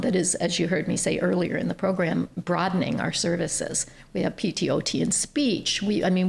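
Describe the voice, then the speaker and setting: A nonprofit CEO from Ohio, a woman with a fairly low voice and vocal fry, tells stories as a guest in a podcast interview. Her manner is earnest and animated.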